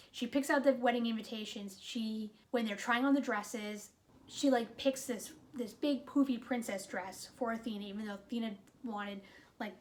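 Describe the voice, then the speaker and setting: Chatty higher-voiced woman reviewing a movie. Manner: animated retelling, exasperated asides, frequent "like".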